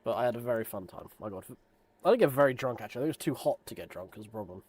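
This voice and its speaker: A man's voice: medium pitch, animated, rapid-fire, darkish tone, slightly rough. A man in his thirties chatting casually on a sim racing live stream, rambling and joking at his own expense. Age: 30s. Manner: rambling, self-deprecating, joking.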